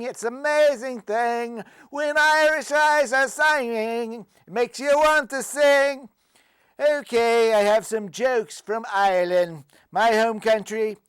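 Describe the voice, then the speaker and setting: Comedy sketch: man doing a high-voiced, boastful leprechaun, hammy, unhurried, crisp and dry. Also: dry recording. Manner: joking, proud and hammy. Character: boastful big male leprechaun wrestling champ. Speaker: comedy host.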